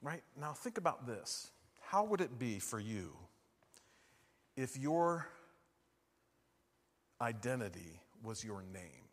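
A man preaching a sermon, asking his listeners questions and moving between hushed and loud, emphatic lines. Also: medium pitch, very animated, slow, pauses often, in a large hall.

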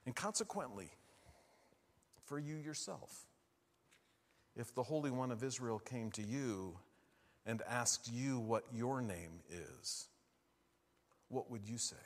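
A man preaching a sermon, asking his listeners questions and moving between hushed and loud, emphatic lines. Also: mid-range voice, lively intonation, slow, pauses often, in a large hall.

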